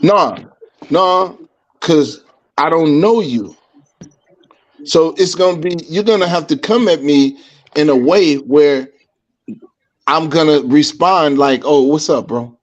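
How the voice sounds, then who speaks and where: A man hosting a podcast, talking in casual chat and telling stories in a profane, animated way, acting out what people said. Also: on the high side, slow pace, long pauses. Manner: animated, profane, acts out quotes. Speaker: podcast host. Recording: dull lo-fi stream audio.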